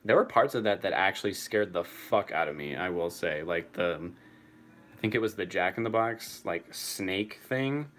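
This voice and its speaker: A man's voice: deep voice, lively intonation, moderate pace, fairly bright tone, slight background noise. A young man answering chat casually on a live stream, swearing freely and laughing often.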